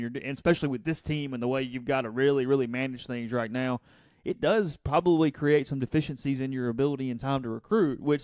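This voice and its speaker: A man co-hosting a sports talk show who talks fast and conversationally and often restarts his sentences. His voice sounds dry and close, with no room behind it. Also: mid-range voice, a little mellow, dry recording. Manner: quick, conversational, trails into restarts.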